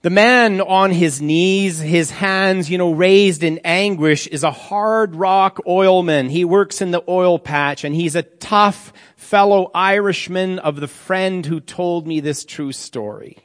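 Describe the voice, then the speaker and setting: Male preacher, slightly high voice, unhurried and grave, sermon in a reverberant church hall. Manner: slow, solemn reading with dramatic drops to near-quiet.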